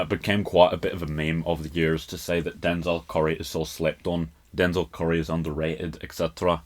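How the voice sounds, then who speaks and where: Deep-voiced Scottish man breaking down a song. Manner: chatty, breaks off laughing at his own accent. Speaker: podcast host. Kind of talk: casual podcast song breakdown.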